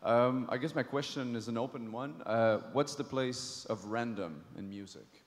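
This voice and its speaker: A man's voice: medium pitch, moderate pace. A man in the audience asking a polite, hesitant question. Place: large hall, from the audience. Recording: reverberant hall, voice from a distance.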